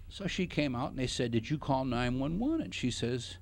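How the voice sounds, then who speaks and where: A man's voice: mid-range voice, wildly swooping pitch, fairly quick, creaky, few pauses. A middle-aged man hosting a radio talk show, telling a long joking anecdote in casual chat. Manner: jokey anecdotal storyteller. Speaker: radio show host, financial advisor.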